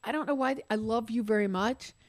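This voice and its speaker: A woman's voice: a little high, a little fast, no echo. An older woman on a podcast, crying as she tells a candid personal story, swearing and mocking herself. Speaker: podcast guest.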